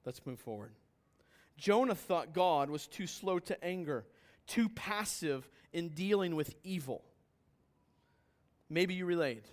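High-voiced preacher with loud bursts. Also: male voice, animated, slow. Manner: earnest, questioning, rises to loud emphatic bursts. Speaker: pastor. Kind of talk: sermon. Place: church hall with congregation.

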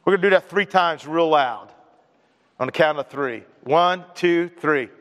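A male pastor preaching a lively sermon, acting out quoted voices and leading the congregation in responses. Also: on the high side, slow. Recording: long hall reverb.

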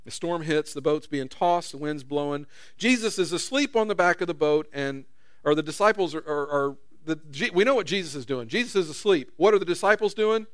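A man's voice: a little high, animated, fairly quick, no echo, clean studio sound. A man preaching a sermon in a conversational way, acting out quotes with rising intensity. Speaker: pastor.

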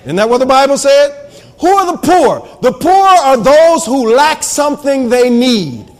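A man preaching a sermon as a minister, fervent and shouting his points with emphasis. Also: very high voice, sing-song, measured pace.

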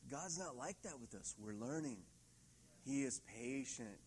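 A middle-aged man preaching a sermon in a church hall, lively and laughing often, acting out quoted voices. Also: medium pitch, measured pace, a little hiss or hum. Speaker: pastor.

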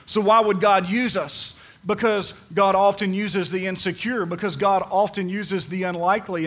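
A man with a high-pitched voice preaches to his congregation. He drives his points home by repeating phrases and swings from hushed lines to loud, emphatic ones. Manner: swings between soft and loud delivery. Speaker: pastor. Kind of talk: sermon.

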